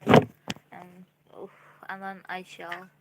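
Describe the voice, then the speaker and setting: A woman's voice: on the low side, monotone, very slow, creaky, very noisy. A young woman from India chatting casually with viewers on her live stream. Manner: chatty, talks straight to viewers.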